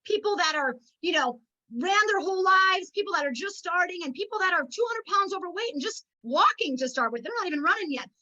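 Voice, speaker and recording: A woman's voice: very high-pitched, animated, a little fast, pushed and bright, muffled recording. A middle-aged woman giving an emotional, preachy motivational talk at a network marketing meeting. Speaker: network marketing team leader.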